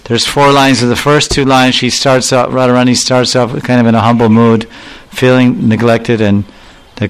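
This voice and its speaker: A man gives a devotional talk in a smooth, resonant voice at an ordinary middle pitch. He explains old verses with animated storytelling, often slipping into the voices of the people he describes. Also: normal speed, poor audio. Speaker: religious speaker.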